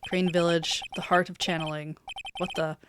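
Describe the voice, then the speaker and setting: A woman's voice: lowish voice, flat delivery, normal speed, noisy background. A woman streamer reading a game's dialogue aloud, dropping wry joking asides. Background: game music.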